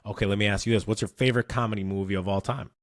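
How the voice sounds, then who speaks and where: A man in his thirties hosting an interview podcast, talking in a relaxed, conversational way and laughing easily. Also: on the low side, racing, no room sound, studio quality. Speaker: podcast host. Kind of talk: casual interview chat.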